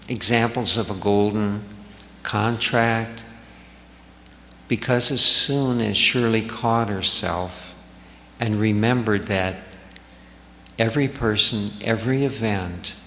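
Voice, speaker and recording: A man speaking slowly and gently, telling a story to a gathered audience. His voice is low and bright, and a long hall reverb surrounds it with a faint hiss. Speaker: spiritual speaker.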